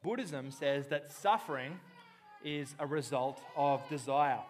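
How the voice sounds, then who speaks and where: Impassioned male preacher, fairly high voice. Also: measured pace, slight background noise. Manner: impassioned, swings from hushed to loud bursts. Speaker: pastor. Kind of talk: sermon.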